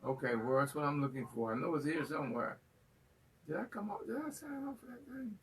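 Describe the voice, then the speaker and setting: A male host of a live call-in class with a folksy, teasing, animated manner. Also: fairly high pitch, fairly quick, far from the mic, slight background noise.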